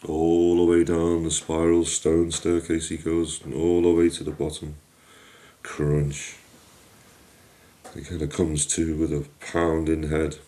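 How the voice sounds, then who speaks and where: A man narrating a folk tale in a lively, homely way, his voice very deep and dark. He sounds a little distant from the mic, in a room with a clear echo. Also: slow pace. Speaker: storyteller. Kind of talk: storytelling narration.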